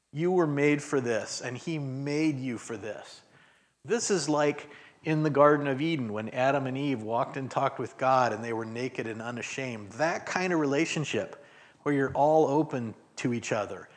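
Man, guest preacher, casual interactive sermon, church setting, chuckles between points. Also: medium pitch. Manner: conversational, acts out prayers in voices, chuckles often. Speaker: guest speaker. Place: church sanctuary.

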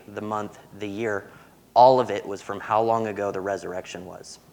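A young man preaching a sermon, earnest and warm-humored as he tells stories. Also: fairly low pitch.

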